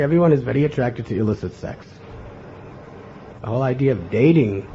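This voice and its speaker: A man delivering a devotional lecture in an earnest, teaching manner, often checking in with his listeners. His voice is mellow and relaxed, at a middle pitch. The recording is dull and lo-fi, with faint room ambience behind him. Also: slight background noise. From America. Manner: earnest, questioning the audience with "Huh?". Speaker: spiritual teacher giving a lecture.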